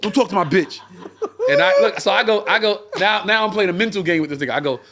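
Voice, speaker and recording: A middle-aged comedian co-hosting a live-streamed talk show, telling a long, profane anecdote and acting out the voices of the people in it. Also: male voice, high voice, racing, bright, forceful tone. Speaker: comedian and co-host.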